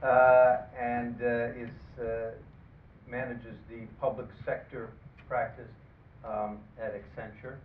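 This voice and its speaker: A man moderating a panel, speaking haltingly with plenty of ums and the odd dry aside. His voice sits at an ordinary pitch and is picked up from across a big echoing room. The sound is thin and phone-like, with a faint hiss underneath. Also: level tone, recorded from a distance. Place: conference room.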